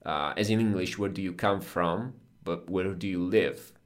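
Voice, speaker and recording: Deep-voiced Italian man teaching. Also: moderate pace. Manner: patient, explanatory. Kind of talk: conversational language lesson.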